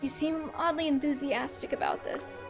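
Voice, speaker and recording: A woman reading the lines of a calm, polite male ninja in a game scene. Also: sits high, normal speed, soft background music.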